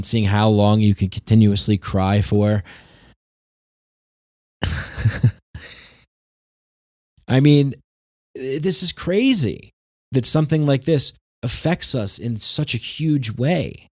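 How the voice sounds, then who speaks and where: Sarcastic ranting man, low dark voice. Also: steady tone, slow, long pauses, no room sound, studio quality. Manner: ranting, sarcastic, swears often. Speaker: podcast host. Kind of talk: solo monologue.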